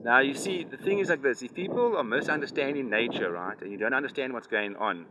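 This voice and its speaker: Lecturing man in loud wind. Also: medium pitch, animated, brisk. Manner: lecturing, keeps checking "right? you understand?". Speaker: environmental activist explaining to a child. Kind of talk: rambling outdoor explanation. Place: outdoors by a river canal. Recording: loud wind noise outdoors.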